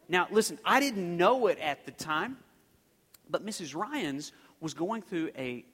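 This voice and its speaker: A man's voice: on the high side, fairly bright tone. A man preaching a sermon, telling a story in a loose, conversational way full of restarts and fillers. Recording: long reverb of a large hall.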